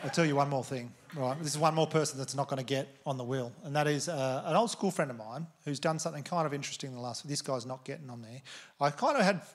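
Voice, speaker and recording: A man in his thirties with an Australian accent, doing stand-up comedy with crude, exasperated rants and loud outbursts. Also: mid-range voice, fast talker, slight background noise. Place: theatre stage before a laughing audience. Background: audience laughter.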